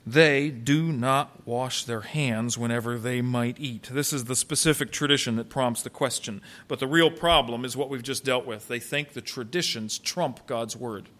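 A man's voice: medium pitch, normal speed, few pauses, sharp tone. A male pastor preaching a sermon emphatically, with many rhetorical questions.

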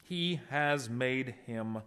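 A middle-aged man preaching a sermon in an earnest style, swinging between loud and soft. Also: extremely slow, clean tone. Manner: earnest preaching with wide swings in loudness and pitch. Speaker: pastor.

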